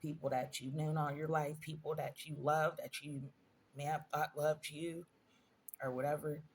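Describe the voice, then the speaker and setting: A woman's voice: low-pitched, flat delivery, normal speed, slight background noise. A woman vlogger telling personal stories in a casual storytime monologue, earnest and emphatic, repeating phrases for stress.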